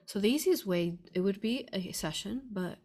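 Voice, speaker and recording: A woman hosting a livestream Q&A, rambling and repeating herself, asking "right?" and sometimes dropping to a soft whisper. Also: mid-range voice, lively intonation, moderate pace, breathy edge. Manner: drops to a soft whisper at times. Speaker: host answering viewer questions. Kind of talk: livestream Q&A talk.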